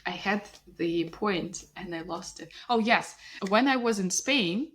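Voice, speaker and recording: A woman from Russia with a Russian accent, co-hosting a podcast in a calm, thoughtful, agreeable way. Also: mid-range voice, measured pace. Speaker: podcast co-host. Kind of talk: casual podcast chat.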